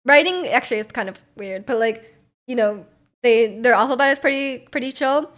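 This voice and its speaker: A woman's voice: fairly high pitch, normal speed, fairly bright tone. A young woman from North America, hosting a livestream and chatting casually in a rambling, giggly way with lots of fillers. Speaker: livestream host. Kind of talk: casual stream chat.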